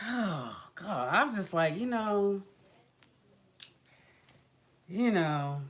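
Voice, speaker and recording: A woman hosting a livestream, telling an animated, colloquial story with acted quotes and sighs. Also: mid-range voice, drawn-out words, pauses often. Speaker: livestream host. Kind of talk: casual chat, venting story.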